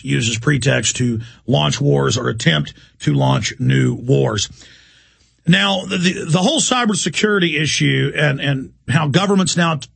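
A man's voice: a little high, gravelly, fairly bright tone, slightly rough. A man hosting a talk show, delivering an urgent, impassioned monologue.

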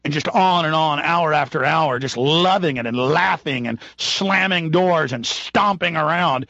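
Radio host, male, forceful and indignant monologue, muffled dry studio recording. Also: on the high side, normal speed, few pauses, dry recording. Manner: emphatic, indignant ranting.

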